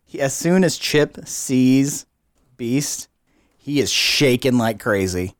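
A man narrating a tabletop role-play game as game master, in unhurried narration that often breaks into laughter. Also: mid-range voice, lively intonation, dry recording, studio quality.

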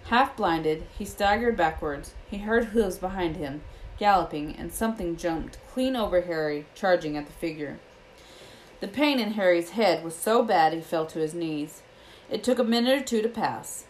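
A woman reading a children's fantasy novel aloud in a steady storytelling manner. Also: on the low side, normal speed, slight background noise, poor audio. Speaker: audiobook reader.

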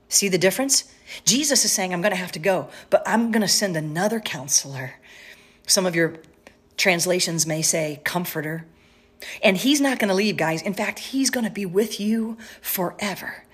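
A woman with a slightly husky voice teaching a Bible passage in sermon style, speaking straight to her listeners and sometimes dropping to a whisper. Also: medium pitch, moderate pace. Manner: animated, talks straight to listeners, drops to a whisper for emphasis.

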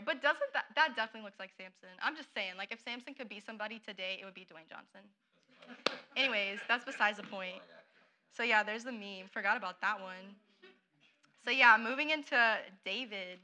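A woman's voice: medium pitch, bright, forceful tone. A young woman giving a casual, playful talk on what she studied at Bible school, full of fillers and jokey asides. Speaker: Bible school student presenter.

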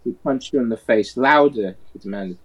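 A man's voice: lowish voice, brisk, slightly rough, rough recording. Man reading a true-crime passage aloud. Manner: reads passages in a plain, steady way, stumbling over words.

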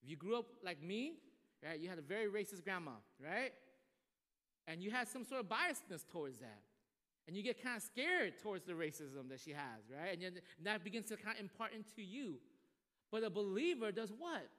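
Male pastor, high lively voice, animated sermon delivery, long reverb of a church hall. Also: normal speed. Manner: animated, acts out quoted voices.

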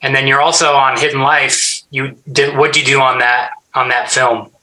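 A man hosting a podcast, asking casual questions in a relaxed, fan-like way. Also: medium pitch, normal speed. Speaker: podcast host. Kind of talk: casual interview chat. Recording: echoey room.

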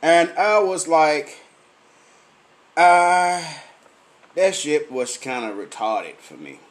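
A high-pitched man, a little drunk and sweating, rants in a comedic style and swears at almost every word. He keeps mimicking the people who pester him with questions, with a lot of energy. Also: animated, slow. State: tipsy, sweating. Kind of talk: profane comedic rant. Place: lively night venue with drinks.

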